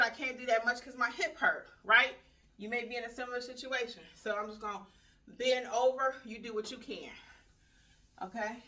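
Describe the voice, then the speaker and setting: A woman leading a home workout, winded from exercising, counting reps out loud and cheering viewers on in an upbeat, chatty way. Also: on the high side, far from the mic. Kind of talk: guided workout instruction. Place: small room at home.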